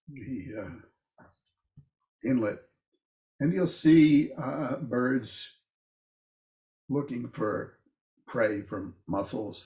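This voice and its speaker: An older man with a gravelly, fry-edged voice gives a relaxed classroom talk on a poem. He speaks slowly and halts often, doubling back on his words as he thinks. His voice lifts when he reads lines of verse aloud. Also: reverberant. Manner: thoughtful, halting, with frequent restarts and "uh"s; livelier and higher when reading verse aloud. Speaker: lecturer teaching a poetry class. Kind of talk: informal classroom lecture.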